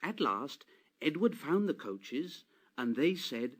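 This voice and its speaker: A man narrating a children's storybook in a slow, unhurried read-aloud manner. His voice sits a little high and moves a lot in pitch as he shapes each sentence. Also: sing-song. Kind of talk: storybook reading.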